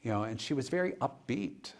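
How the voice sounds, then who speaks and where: A man's voice: mid-range voice, lively intonation, fairly quick. Male pastor, mid-range voice, easygoing storyteller for a church panel. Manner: conversational, retells dialogue with "and she goes". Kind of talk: personal storytelling in a panel discussion.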